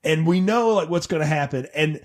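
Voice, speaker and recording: A man co-hosts a casual movie podcast, his voice sitting a touch higher than most. He talks in an animated, joking way and keeps slipping into quick mock voices for the people he describes. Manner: animated, jokey, acts out characters' lines. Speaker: podcast co-host. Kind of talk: casual film-review chat.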